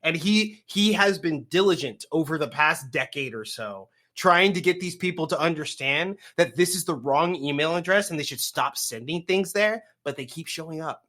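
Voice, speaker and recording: Bright, lively chatty podcast co-host. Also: mid-range voice, normal speed, few pauses. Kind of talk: casual chat.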